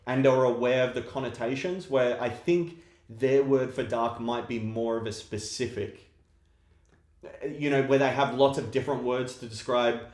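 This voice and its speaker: A man co-hosting a podcast, calmly laying out his theories in a measured, explanatory way. His voice sits at a middle pitch, and the recording carries a roomy echo. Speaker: podcast co-host. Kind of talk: casual chat.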